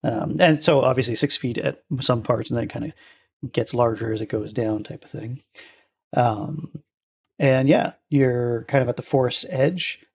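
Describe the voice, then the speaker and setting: Young male game master, gravelly, hesitant delivery with frequent fillers. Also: mid-range voice, a little mellow. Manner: halting, lots of ums and uhs. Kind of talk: narrating a tabletop game.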